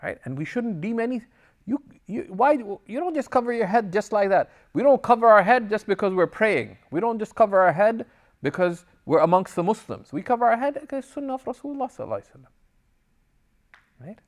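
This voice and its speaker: An Islamic teacher with a high-sitting voice speaks fairly quickly in a recorded class lecture for a religious class. He reads Arabic passages aloud and explains them in English, with personal stories mixed in. His delivery is lively as he switches between text and explanation, and he briefly acts out dialogue when telling anecdotes.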